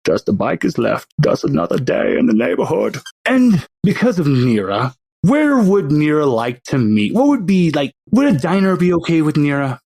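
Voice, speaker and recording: Animated man running a tabletop game. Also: on the high side, moderate pace, creaky, no echo. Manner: animated, chatty narration with laughs. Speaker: game master.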